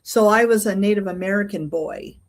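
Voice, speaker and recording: A woman's voice: mid-range voice, a little fast. Rambling woman telling a personal story. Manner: rambling, many fillers and restarts. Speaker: interview guest. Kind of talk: casual storytelling interview.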